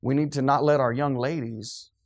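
A man's voice: medium pitch, fairly even intonation, normal speed, darkish tone. A middle-aged man preaching a sermon to a congregation, fervent and preachy, sometimes losing his train of thought.

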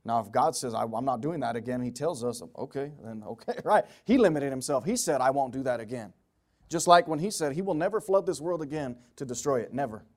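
A man preaching a sermon, emphatic, swinging from loud pleading passages to low quiet asides. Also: animated, brisk.

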